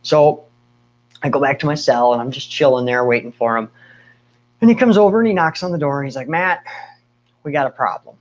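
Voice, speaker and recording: Man, casual personal storytelling, candid, animated asides, muffled lo-fi sound. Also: mid-range voice, fairly quick. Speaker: speaker sharing his testimony.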